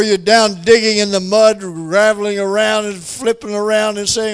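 A man's voice: high-pitched, steady tone, moderate pace, few pauses, smooth. A man preaching a sermon, telling a personal story in a folksy way and pressing his points with emphatic repetition.

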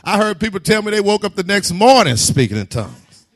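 A fervent male preacher in mid-sermon, his voice sitting high and ringing bright. His pitch leaps and dips all over the place, and he climbs into shouts with stammered repeats and chuckling asides. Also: big pitch swings, brisk.

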